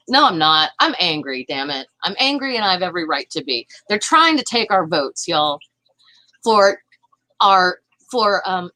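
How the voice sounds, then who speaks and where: Bright-voiced indignant woman. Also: medium pitch, dry recording, rough recording. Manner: impassioned, indignant, with frequent restarts. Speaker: vlogger. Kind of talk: political commentary vlog.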